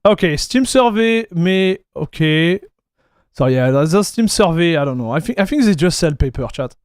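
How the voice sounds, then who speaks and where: A laid-back Frenchman with a French accent, talking to his stream chat in a high, light voice. He is relaxed and easygoing, calls everyone "dude" and reads messages aloud. The sound is dry and close, with no room echo. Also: moderate pace, clean tone. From France. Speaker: tech streamer. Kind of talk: casual live-stream chat.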